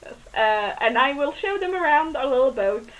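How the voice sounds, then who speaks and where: A woman's voice: sits high, animated, normal speed, lo-fi sound. A woman from outside England, chatting as a player at a game table and laughing often. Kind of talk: casual chat at a game table.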